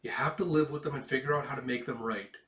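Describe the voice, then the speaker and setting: A stern, battle-scarred young woman speaks in slow, measured words, as a man voices her from a comic. The room is echoey and the mic sits back. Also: medium pitch, fairly bright tone, natural voice. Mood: solemn. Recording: roomy, distant mic.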